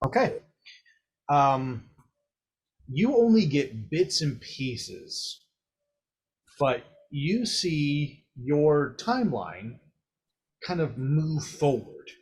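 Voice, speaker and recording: A man narrating as game master, calm and descriptive. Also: a little high, very slow, long pauses, breathy edge.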